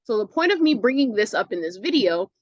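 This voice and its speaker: A woman teaching an online English lesson in a casual, chatty way, often checking in with "right?" and sounding out words slowly to show where the stress falls. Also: mid-range voice, very animated, dry recording, highs cut off. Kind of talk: recorded lesson walkthrough.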